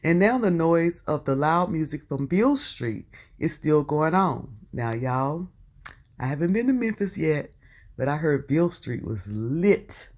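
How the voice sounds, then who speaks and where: A woman's voice: low-pitched, animated, a little slow, darkish tone. Chatty Southern woman vlogger. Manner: chatty, breaking in with asides and exclamations. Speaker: YouTube commentator. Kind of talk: reading posts aloud with commentary.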